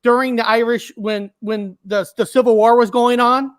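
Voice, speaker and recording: A woman co-hosting a podcast, talking hesitantly with many pauses and restarts in casual chat. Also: on the high side, steady tone, no room sound, clean studio sound. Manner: hesitant, many fillers and restarts, self-conscious.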